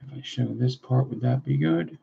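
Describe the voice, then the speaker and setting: Mellow and fry-tinged, a medium-pitched male voice at a moderate pace chats in a loose, foul-mouthed way with stream viewers as he builds vape coils. The stream audio is dull and lo-fi, with a little noise.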